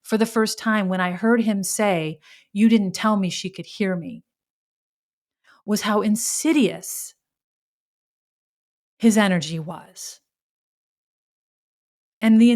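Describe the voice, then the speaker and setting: A woman hosting a podcast, telling a personal story in a reflective, halting way, with sighs and restarts. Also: medium pitch, darkish tone. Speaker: podcast host.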